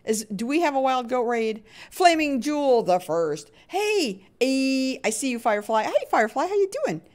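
A woman's voice: high-pitched, moderate pace. A woman live-streaming her gameplay, chatting to viewers and greeting them by name, often laughing and humming little sound effects as she plays. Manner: chatty and expressive, hums little sound effects while playing; frequent laughs, jumps between hushed nervous asides and loud cheery greetings.

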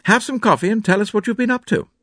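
A man voicing a genial country gentleman who greets a guest in a hearty, jovial way. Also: high voice, fast, no room sound, clean studio sound, voice pushed up.

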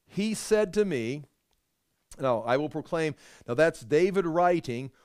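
A man's voice: fairly high pitch, a little mellow, clean tone, no room sound, studio quality. A man teaching through a Bible passage verse by verse, earnest and conversational, often restarting his thoughts mid-sentence.

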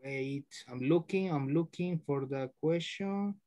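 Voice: mid-range voice, unhurried, dark tone. A teacher leading an online class over a video call, patiently repeating words to correct and stress them.

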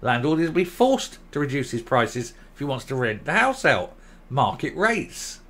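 A man's voice: mid-range voice, very animated, normal speed, a bit bright. A man giving ranting commentary, blunt, sarcastic and combative.

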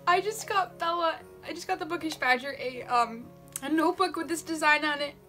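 A young woman vlogging as she unboxes gifts, chatty and gushing with excitement. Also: high-pitched, fairly quick, soft background music. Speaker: book vlogger. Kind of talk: casual unboxing vlog.

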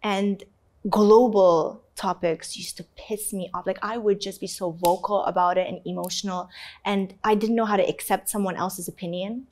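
A woman's voice: mid-range voice, steady tone, normal speed, darkish tone. A young adult woman being interviewed. She talks candidly and expressively, with lots of "like" fillers and frequent easy laughter. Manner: laughs easily and often. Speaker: interview guest.

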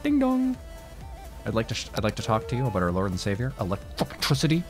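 A man's voice: on the low side, wildly swooping pitch, fast, faint music behind. A man voicing an overly polite door-to-door electricity company man, with fawning, apologetic salesman patter. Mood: pushy.

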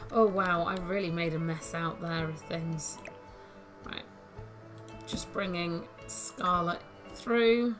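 Unhurried woman narrating gameplay. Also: fairly low pitch, a bit bright. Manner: chatty, giggly, thinking aloud. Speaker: gaming YouTuber. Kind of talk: casual let's-play commentary. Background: faint game music.

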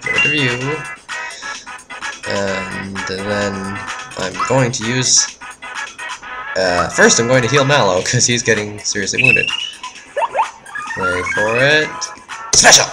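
A woman's voice: a bass voice, slow, pauses often. A woman giving let's-play commentary on a game, easily frustrated, cursing and talking back at the enemies. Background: game music.

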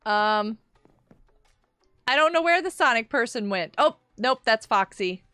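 A woman's voice: a little high, animated, measured pace, pushed and bright, smooth, dry recording, faint music behind. A woman streaming a game, chatting casually with her viewers, answering chat aloud and laughing often.

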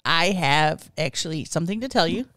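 A woman playing a smug male company boss posing as a customer, talking deadpan and mock-stern in an improvised comedy sketch. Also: sits low, fairly quick, dry recording, clean studio sound. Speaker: podcast co-host.

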